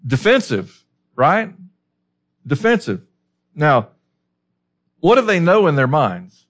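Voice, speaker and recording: A man's voice: fairly high pitch, sing-song, unhurried, long pauses. Male preacher asking rhetorical questions. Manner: conversational, asks rhetorical questions. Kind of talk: expository sermon.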